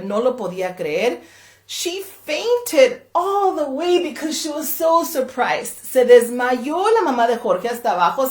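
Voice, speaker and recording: A woman from the library reading a picture book aloud to children, switching between English and Spanish line by line in an animated way. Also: mid-range voice. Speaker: library storyteller. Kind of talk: bilingual children's read-aloud. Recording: echoey room.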